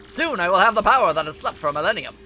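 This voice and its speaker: A man's voice: high voice, expressive, racing, bright, forceful tone, faint music behind, full character voice. Field: a man putting on a pompous gloating villain boss. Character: scheming grandiose male villain leader. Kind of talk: let's play voice acting.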